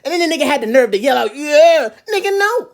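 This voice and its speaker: A woman comedian doing a loud, profane comedic rant, full of animated asides and quick impressions. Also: sits high, vocal fry, slight background noise. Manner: animated, profane, jumps into mimicry. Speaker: comedian vlogger.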